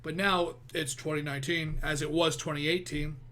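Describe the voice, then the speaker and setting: A man's voice: a little high, little pitch movement, moderate pace, bright, forceful tone, slight background noise. A man giving casual, profane reaction commentary, rambling with many restarts. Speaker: reaction video host.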